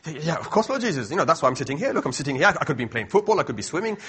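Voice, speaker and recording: A man's voice: fairly high pitch, very animated, rapid-fire, fairly bright tone, breathy edge, heavily acted. A man acting out an eager male churchgoer who insists on his devotion, stammering and repeating himself. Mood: insistent.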